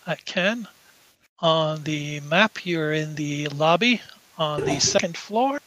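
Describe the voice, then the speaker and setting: High, bright-voiced male game master. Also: muffled recording. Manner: halting, filler-heavy narration. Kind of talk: narrating a tabletop game.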